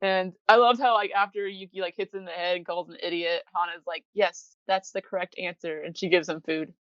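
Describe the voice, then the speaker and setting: A woman's voice: on the low side, fairly even intonation, fairly quick, a bit bright, clear, resonant tone, no echo, muffled recording. A woman co-hosting a casual podcast, giggling as she retells scenes and acts out the characters' lines. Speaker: podcast co-host. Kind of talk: casual anime recap chat.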